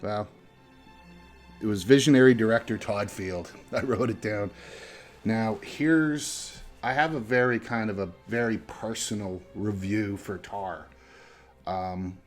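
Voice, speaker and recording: A man reviewing films casually, talking conversationally and checking in with the listener through frequent "right?" and "you know" tags. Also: fairly low pitch. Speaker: movie reviewer.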